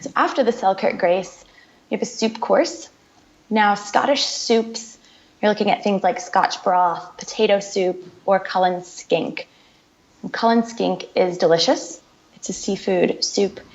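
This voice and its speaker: A woman guest in a casual interview, explaining things in a chatty way with frequent repeats. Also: lowish voice. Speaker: podcast guest. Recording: dull lo-fi sound.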